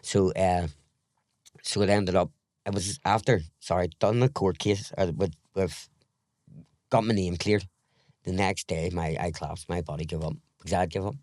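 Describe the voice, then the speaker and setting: Deep-voiced Northern Irish man, frank. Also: fairly even intonation, moderate pace, a little mellow, dry recording, clean studio sound. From Northern Ireland. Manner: rambling, frank, swears, retells scenes in dialogue. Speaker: podcast guest. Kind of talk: candid interview storytelling.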